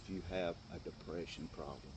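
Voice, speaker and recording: A man giving an impassioned, tearful Christian motivational talk to other men, swinging from hushed tones to loud bursts. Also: very deep voice, fairly even intonation, fairly quick, background noise. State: tearful at times. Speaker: faith speaker addressing men.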